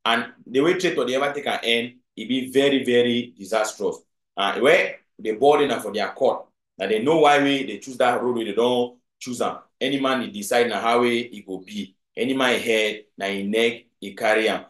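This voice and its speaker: A man's voice: mid-range voice, normal speed, fairly bright tone, roomy sound. A man with a Cameroonian Pidgin accent giving video commentary, emphatic and often putting rhetorical questions to his audience. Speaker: political commentator.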